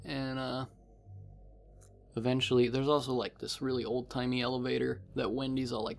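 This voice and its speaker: A man's voice: medium pitch, little pitch movement, moderate pace, gravelly, slight background noise. A man rambling casually through a book recap as a vlogger, with many fillers.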